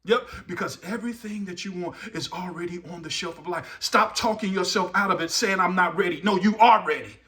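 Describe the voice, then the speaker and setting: A middle-aged man delivers a motivational speech in the style of a preacher, repeating his key lines and pushing the listener to act. His voice sits high and sounds bright and forceful. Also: brisk, hardly any pauses. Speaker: motivational speaker.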